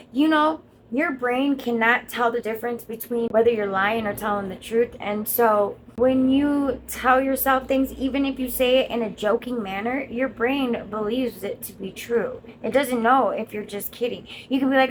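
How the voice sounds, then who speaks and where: A woman with a fairly high voice speaks earnestly and directly, encouraging her listeners in a motivational monologue. A faint background hum sits under her voice. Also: low-quality recording. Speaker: content creator.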